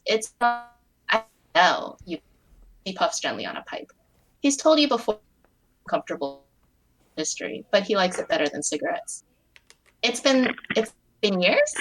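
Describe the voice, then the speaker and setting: A woman's voice: mid-range voice, a bit bright, rough recording. A woman on a voice call reading her own short fan story aloud, chatty, with many fillers and little laughs.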